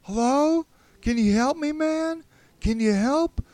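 A man voicing a frightened, then sly male splicer who calls out loudly from a distance. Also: lowish voice, slow pace, clean tone, no room sound. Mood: desperate pleading. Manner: shouting from a distance, pleading.

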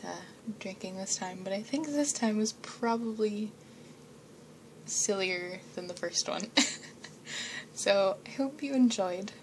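Giggly woman rambling softly. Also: medium pitch, a little hiss or hum. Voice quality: giggly, slips into whispers, swears. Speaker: audio creator. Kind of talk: casual chat, rambling.

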